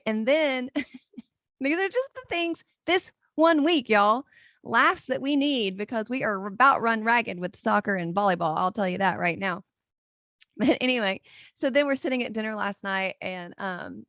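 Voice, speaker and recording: This solo podcast features a woman in her 40s, a life coach and host, whose mid-range voice is creaky and fairly bright. She's chatty, spinning family stories with frequent laughter. Audio is clean studio quality without room sound.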